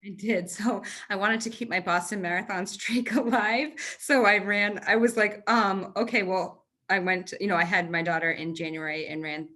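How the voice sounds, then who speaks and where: A woman in her thirties, a marathon runner, telling stories in an interview on a video call, animated, with quick restarts and fillers. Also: mid-range voice. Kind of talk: conversational interview storytelling.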